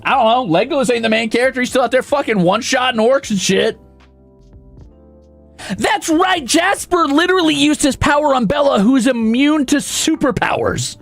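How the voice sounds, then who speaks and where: High-voiced, exasperated ranting man. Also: animated, moderate pace, gravelly, a bit bright, faint music behind. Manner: exasperated, profane, sarcastic ranting. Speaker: streamer. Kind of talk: ranting stream commentary.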